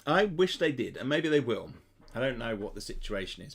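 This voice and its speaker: A man's voice: mid-range voice, sing-song, fairly quick, husky. A man hosting a channel, reading a gamebook aloud with casual asides to his viewers. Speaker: gamebook player and channel host.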